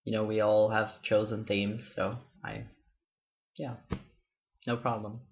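A man's voice: lowish voice, flat delivery, takes it slowly, vocal fry. A young man chatting casually to camera in a self-deprecating way, with frequent swearing and loose, rambling talk. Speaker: vlogger. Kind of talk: casual vlog chat. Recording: slightly dull lo-fi audio.

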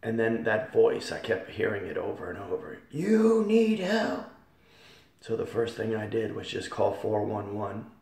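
A man giving a fervent church testimony in a hall, repeating phrases and swelling loud on key words. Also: fairly low pitch, level tone, normal speed, vocal fry, hardly any pauses. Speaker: testimony speaker. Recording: echoey hall from far off.

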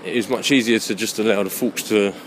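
A man talking as he walks outdoors on a city street, musing and halting between thoughts. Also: lowish voice, steady tone. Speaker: vlogger. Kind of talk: walking vlog monologue. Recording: street noise behind. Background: traffic noise.

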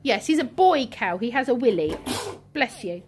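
A woman's voice: on the high side, sing-song, normal speed, noisy background. A woman working as a childminder, playing and talking with toddlers in an encouraging, teacherly way. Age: adult. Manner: sing-song, encouraging, teacherly. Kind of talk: playful talk with toddlers.

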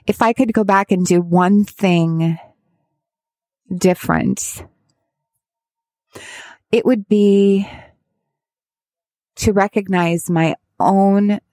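A woman speaking as a parent of a child with addiction, giving candid advice in a halting, heartfelt way with many restarts. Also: fairly low pitch, steady tone, warm tone, no room sound. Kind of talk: candid personal advice talk.

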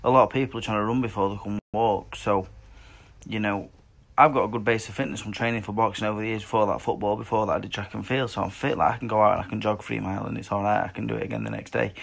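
A man in his twenties chats bluntly and swears freely as he answers questions, drifting from point to point. His voice sits low with a gravelly fry and a husky, slightly raspy edge. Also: fairly even intonation, fast talker, fairly bright tone. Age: 20s. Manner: blunt and sweary, loose rambling delivery. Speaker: boxer answering fan questions. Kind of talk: casual chat.

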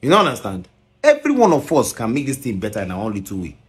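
Scolding Nigerian man, lively pitch. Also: quick pace. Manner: scolding, mixes Pidgin and English, rhetorical questions. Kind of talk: ranting commentary video.

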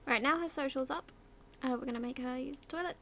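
Fast and high-voiced, a bit bright, with slight background noise, a young British woman gives casual let's-play commentary on a life-sim game for YouTube. She tells her characters what to do, breaks into whispers and silly voices, and swears casually.

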